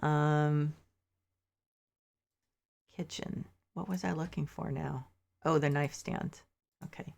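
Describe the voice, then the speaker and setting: Low, gravelly-voiced woman streamer. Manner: chatty, thinks aloud, mildly frustrated asides. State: sleepy, yawning. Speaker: game streamer. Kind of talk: casual gameplay commentary.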